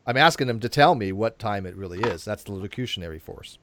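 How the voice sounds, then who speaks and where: A man's voice: lowish voice, animated, quick pace, a bit bright. A man hosting a casual panel discussion, explaining ideas at length with frequent fillers and restarts. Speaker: host.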